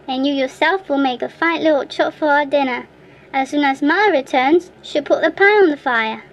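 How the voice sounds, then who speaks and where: A woman's voice: high voice, moderate pace. A woman voicing a big blustering male troll who clucks and growls threats in a storybook reading. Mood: gloating.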